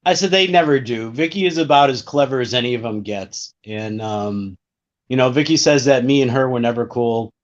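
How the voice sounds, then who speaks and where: Male co-host, even-tempered, muffled lo-fi audio. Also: mid-range voice, moderate pace. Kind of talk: casual livestream chat. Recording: dull lo-fi mic.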